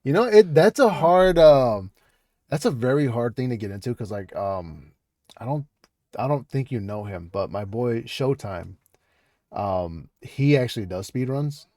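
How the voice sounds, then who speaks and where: A man's voice: mid-range voice, lively intonation, unhurried, warm tone, no room sound, clean studio sound. A man hosting a casual interview over a video call, laughing often and talking loosely with plenty of fillers and swearing. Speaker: podcast host.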